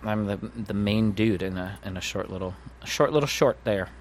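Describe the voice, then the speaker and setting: A man's voice: lowish voice, fairly quick, a little hiss or hum. A man guesting as an actor on a podcast, chatting casually and rambling, often trailing off unsure.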